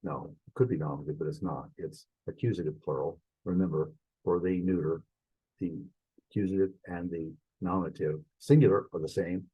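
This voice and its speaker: Deep husky-voiced male instructor, unhurried, talks through a recorded language lesson with plenty of pauses. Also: steady tone, narrow, tinny audio. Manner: halting, thinking aloud while fumbling with screen sharing; spells out Greek words slowly and deliberately. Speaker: Greek instructor.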